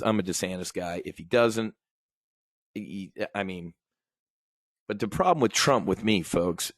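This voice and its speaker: In a dry recording, a lower-voiced American podcast host talks casually but rants about politics, swearing and speaking bluntly. He keeps calling his audience folks.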